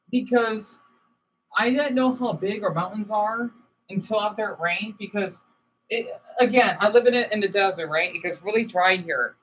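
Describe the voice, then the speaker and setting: A man's voice: high-pitched, muffled recording, slight background noise. A man chatting casually on a livestream from home, rambling between topics and swearing now and then.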